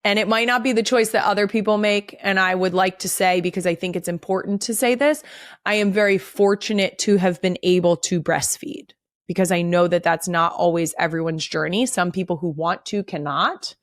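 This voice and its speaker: A woman's voice: on the low side, moderate pace, no room sound. Podcast host, woman in her thirties: blunt, candid, salty-mouthed, close dry studio sound. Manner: blunt, swears freely, animated when reading segments. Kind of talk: casual podcast chat.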